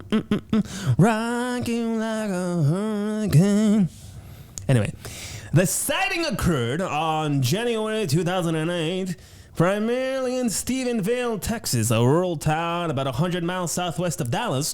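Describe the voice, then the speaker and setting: A man's voice: on the high side, very animated, a little slow, clean tone. A man hosting his show in a playful, goofy way, talking casually from a home studio. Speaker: show host.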